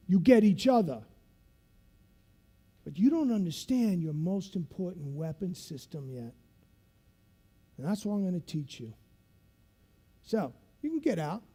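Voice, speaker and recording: A man acting out a taunting male drill instructor who shouts through a megaphone. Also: high-pitched, slightly rough, heavily acted.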